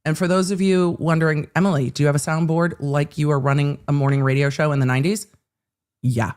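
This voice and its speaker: A woman's voice: low-pitched, fairly even intonation, fast talker, darkish tone. A woman hosts a casual live legal commentary. She talks in a chatty, joking way and often makes asides to herself.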